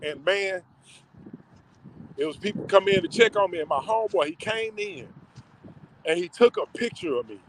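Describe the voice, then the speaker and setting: Man, personal storytelling vlog, slangy, emotional, drawn-out delivery, fairly high voice. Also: lively intonation, slight background noise, low-quality recording.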